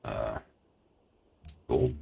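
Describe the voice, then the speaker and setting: A man's voice: extremely slow, dull audio, faint music behind. A man commenting on his strategy game as he plays, thinking aloud and talking his plans through at length. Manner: thinking aloud, restarts and hedges while planning. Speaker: let's play commentator.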